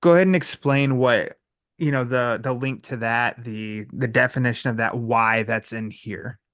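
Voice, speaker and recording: A man's voice: mid-range voice, steady tone, moderate pace, fairly bright tone, no room sound, clean studio sound. A man hosting a podcast in casual chat, loose and conversational, with many likes and you-knows. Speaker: podcast host.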